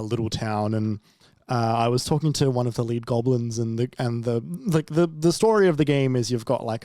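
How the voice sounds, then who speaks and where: A man's voice: mid-range voice, warm tone, no echo. Stammering man rambling through a story, dry sound. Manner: rambling, stammering, laughing anecdotes. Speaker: guest. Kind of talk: casual chat.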